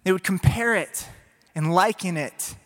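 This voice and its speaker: A man with a high, bright, ringing voice delivers an energetic, playful sermon and keeps turning to the congregation. His words hang in the long reverb of a large church sanctuary. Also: unhurried. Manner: energetic, playful, speaks to the audience. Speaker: pastor.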